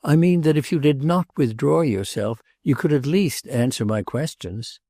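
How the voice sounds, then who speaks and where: Tormented jealous prince in a storybook, high-strung and pleading, dark gravelly tone, as a male reader does him. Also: normal speed, dry recording, studio quality. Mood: agitated. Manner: excited, pleading, repeats himself. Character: jealous agitated nobleman, tormented.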